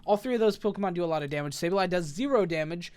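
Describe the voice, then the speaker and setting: A man's voice: high-pitched, animated, fast talker, a little mellow, clear, resonant tone, faint music behind. A man giving casual, rambling commentary as he builds a competitive team, thinking aloud and correcting himself with lots of fillers.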